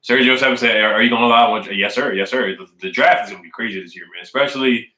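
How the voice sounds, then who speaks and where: Casual fan-stream host, man, repeats himself for emphasis, bright tone, roomy echo. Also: mid-range voice, racing. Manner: repetitive, emphatic, says "man" and "I really do" often. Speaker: sports fan streamer reading chat. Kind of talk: casual live-stream chat. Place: at home indoors.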